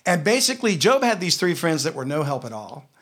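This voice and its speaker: Man, Southern US accent, Bible teacher, storytelling, slightly high voice, slows for scripture. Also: big pitch swings, fairly bright tone, husky. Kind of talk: conversational Bible lesson.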